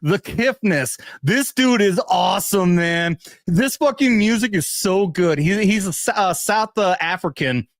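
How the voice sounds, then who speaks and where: A man's voice: high voice, animated, unhurried, no room sound, clean studio sound. A young adult man, a veteran hosting a show, ranting casually with constant swearing and frequent laughter. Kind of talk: casual profane commentary rant.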